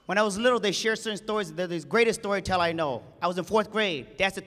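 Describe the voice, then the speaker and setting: Man, high voice, emotional storytelling speech, large hall reverb. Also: fast, few pauses, fairly bright tone. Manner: emotional, acts out quoted voices. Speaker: conference speaker. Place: conference hall stage.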